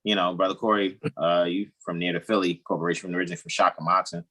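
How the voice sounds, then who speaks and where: A man's voice: deep voice, flat delivery, fast, a bit bright. A man hosting a casual group video call, joking around, laughing often and drifting into rambling asides. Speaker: host.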